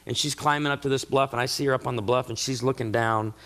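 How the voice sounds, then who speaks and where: A middle-aged man speaks to a marriage conference audience in a sermon-style talk, his voice bright and forward. He tells stories with lively comic timing. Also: mid-range voice, fast. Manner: animated storyteller with comic asides.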